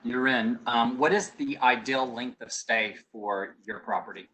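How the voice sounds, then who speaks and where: A man's voice: medium pitch, measured pace, a bit bright. A man with a Southern US accent hosts a webinar over a video call. He asks his guests short, polite questions and keeps things moving. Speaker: webinar host. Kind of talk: hosting a webinar.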